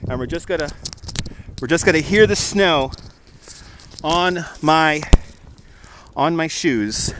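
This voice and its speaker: A New York-accented man hosts a casual livestream on a phone camera mounted on a gimbal, walking through a snowy city park, chatting, laughing a lot and reading viewer comments out loud. His voice is fairly high and fairly bright, his pace measured with frequent pauses, and there's a slight hiss or hum in the audio.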